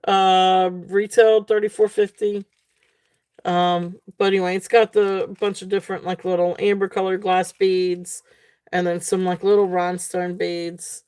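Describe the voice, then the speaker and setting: A woman hosting a live jewelry sale stream, talking casually with many fillers and a relaxed, tired manner. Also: lowish voice, clean tone, dry recording.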